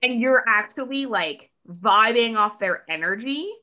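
A woman chatting as a podcast guest, talking in a loose, fast way with many "like" fillers and acting out quotes in lively voices. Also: a little high, dull audio. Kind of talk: casual podcast conversation.

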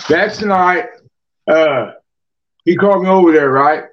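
A man's voice: on the high side, a little slow. A man telling rowdy stories on a podcast, rambling, profane and repeating himself. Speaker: podcast guest. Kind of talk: rowdy casual storytelling. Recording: distant, dull lo-fi mic.

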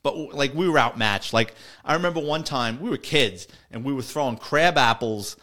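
A middle-aged man from the Bronx with a New York accent, a retired detective telling a story in a lively, salty way and acting out the dialogue. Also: medium pitch, normal speed. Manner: animated, swearing, acts out dialogue. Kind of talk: casual storytelling.

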